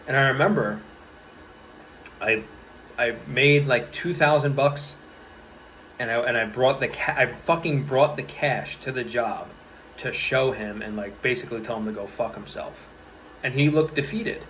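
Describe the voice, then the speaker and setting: A man's voice: medium pitch, a little slow, pauses often, a bit bright, slight background noise. A young man in his twenties talking to camera, earnest and rambling, swearing freely and restarting his sentences. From New York area. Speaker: vlogger. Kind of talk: casual motivational talk to camera. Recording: slightly dull lo-fi audio with faint room ambience.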